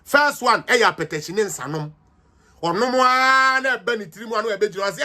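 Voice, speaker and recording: Ghanaian guy ranting politics on a livestream, high pitched, mocking and combative. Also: animated, moderate pace, sharp tone. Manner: combative, mocking, code-switching. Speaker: political commentator.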